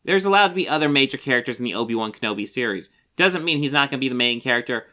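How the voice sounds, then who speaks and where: A young man talks through a reaction video with a bright, forceful voice. He sounds exasperated and sarcastic, and he swears casually as he rebuts the clip. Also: medium pitch, animated, racing. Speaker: commentary host. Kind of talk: reaction commentary.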